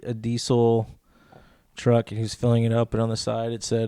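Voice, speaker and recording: A man co-hosting a crude comedy podcast, telling jokes in a deadpan way. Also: medium pitch, moderate pace, a crowd in the background. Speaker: podcast co-host.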